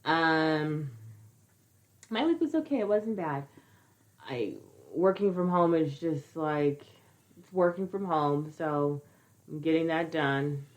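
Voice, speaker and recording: A woman's voice: deep voice, slow pace. A woman co-hosting a podcast, a parent of a school-age child, talking in a blunt, exasperated, casual way. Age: adult with a school-age child. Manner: blunt, exasperated, swears freely. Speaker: podcast co-host. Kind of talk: casual chat.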